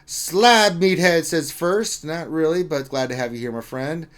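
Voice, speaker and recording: A man's voice: on the high side, a little slow, fairly bright tone. A man co-hosting a casual gaming livestream, reading viewer comments aloud in a loose, joking way with some mild swearing. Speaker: livestream co-host.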